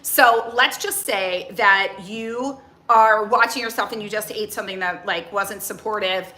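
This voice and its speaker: A woman in her forties, a nutrition and mindset coach, talking casually to camera in a chatty, animated way. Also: mid-range voice, unhurried, roomy sound. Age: 40s. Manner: chatty and animated, acts out inner voices. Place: outdoors near a tree.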